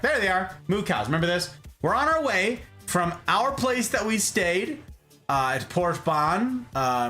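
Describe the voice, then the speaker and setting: A podcast host jokes and chats his way through a casual talk show while showing off travel photos. He's animated and playful, his pitch leaping up whenever he wants to stress a point.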